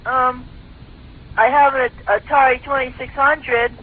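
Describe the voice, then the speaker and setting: A man's voice: very high-pitched, flat delivery, unhurried. A man voicing a whiny little boy who bickers and stammers defensively on a phone call. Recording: tinny phone line, faint hiss.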